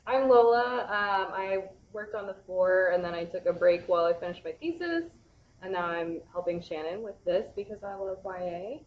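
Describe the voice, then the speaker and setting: A young woman speaking as a bookseller guest on a casual livestream, relaxed with filler words. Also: medium pitch, moderate pace, highs cut off.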